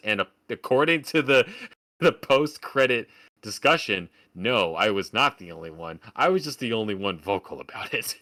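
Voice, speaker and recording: A man's voice: mid-range voice, expressive, moderate pace, bright, forceful tone. A man co-hosting a podcast, ranting about a film in casual, profane, sarcastic talk. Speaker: podcast co-host. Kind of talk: casual film review chat.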